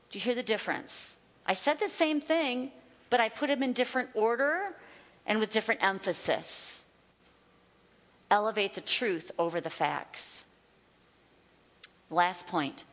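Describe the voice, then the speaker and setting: Woman Bible teacher, middle pitch, emphatic sermon delivery with repeated points, long hall reverb. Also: expressive, normal speed, fairly bright tone. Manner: emphatic, repeats key phrases.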